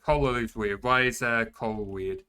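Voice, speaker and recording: A man's voice: mid-range voice, normal speed, bright, forceful tone, clean tone. A man explaining things in casual voice chat while gaming, padding his talk with many fillers. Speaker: server player.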